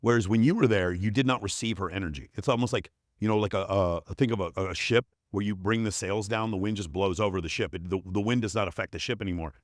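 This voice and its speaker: A man's voice: on the low side, fast, few pauses, no echo, studio quality. A man talking as a podcast guest, blunt and profane, explaining his points with emphatic stories. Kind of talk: casual interview conversation.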